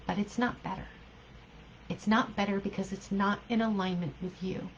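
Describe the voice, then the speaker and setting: A woman's voice: medium pitch, fairly even intonation, moderate pace, a little hiss or hum, rough recording. Earnest woman coaching a group. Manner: earnest, emphatic, repeats key phrases, laughs often. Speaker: life coach.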